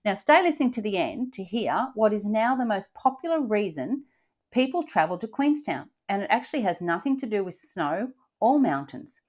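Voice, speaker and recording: A woman's voice: mid-range voice, very animated, moderate pace, darkish tone. An older woman hosting a travel podcast, chatting in an upbeat way with frequent fillers and restarts. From Australia. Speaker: podcast host. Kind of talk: casual travel podcast chat.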